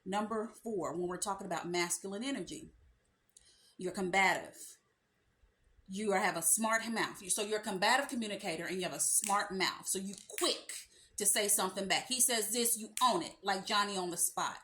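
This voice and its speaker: A woman's voice: medium pitch, moderate pace, bright, forceful tone. Sassy woman dating coach talking to camera. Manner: sassy, emphatic, colloquial, addresses viewer as sis. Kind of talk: direct-to-camera advice talk.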